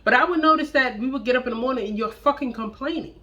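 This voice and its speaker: A young adult woman telling a blunt, profane storytime about a relationship, with animated, acted-out quotes. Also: high voice, fast talker, lo-fi sound. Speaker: storytime vlogger. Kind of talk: casual storytime monologue.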